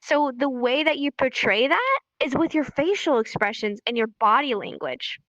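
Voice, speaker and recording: A young woman teaching sign language on a live stream, chatty and animated, repeating herself for emphasis. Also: sits high, normal speed, no room sound, muffled recording.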